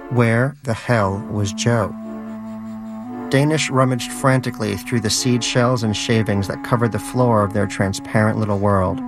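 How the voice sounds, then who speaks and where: A man's voice: on the low side, steady tone, a little slow, over music. A man narrating an audiobook in a dry, wry storytelling manner.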